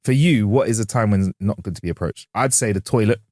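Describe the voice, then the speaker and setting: A man's voice: lowish voice, fast, warm tone, dry recording, clean studio sound. A man co-hosting a podcast, telling stories in a laid-back, slangy way. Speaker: podcast co-host. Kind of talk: casual chat.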